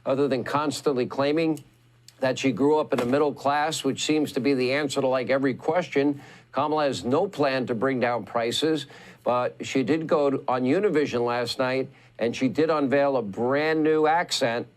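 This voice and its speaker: A man delivering scripted political commentary in an emphatic, driving way, leaning on repetition to push his points. His voice sits at a middle pitch. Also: steady tone, moderate pace. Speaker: commentary host.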